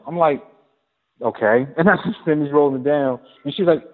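Profane animated man, phone-like audio. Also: on the high side, normal speed. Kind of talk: casual chat.

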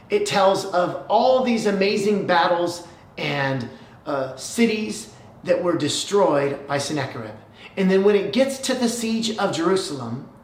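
A preacher delivers a sermon as lively storytelling, dropping to near hushes and then building up again. The voice has a middling pitch. A roomy echo surrounds everything. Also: recorded from a distance. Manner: animated storytelling, shifts between hushed and loud.

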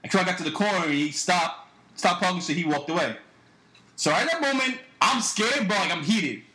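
A man's voice: sits high, expressive, brisk, sharp tone, echoey room, poor audio. A young man telling a story in a casual, profane way on a podcast, acting out other people's lines as he goes. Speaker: podcast host.

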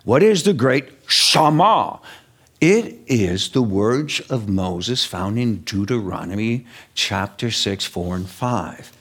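A man preaching a sermon in an animated, emphatic way, stretching key words out slowly for weight. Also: on the low side.

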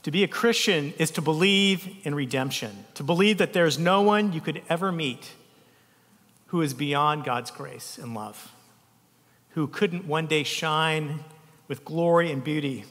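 A male pastor from the United States with a slightly high voice, preaching a heartfelt sermon full of personal stories. He swings between lively emphasis and soft, tender lines. The sound carries the long reverb of a large hall. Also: a little slow. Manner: emotional, storytelling, speaks softly at tender moments.

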